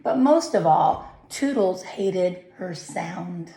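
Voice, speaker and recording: Slow, gentle woman reading to children. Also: fairly low pitch, expressive, creaky, roomy sound. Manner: gentle, questioning asides to young listeners. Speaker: read-aloud narrator. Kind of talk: reading a picture book to children.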